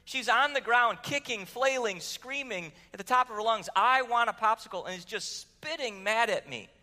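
A man's voice: very high-pitched, animated, normal speed, pushed and bright. A man preaching a sermon in a conversational way, asking the room questions and telling stories. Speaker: pastor. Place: church sanctuary. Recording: long hall reverb.

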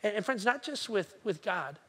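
In his sermon, a man retells a story with animated character voices and asks the congregation pointed questions. His voice sits high with a breathy edge, and he keeps a moderate pace.

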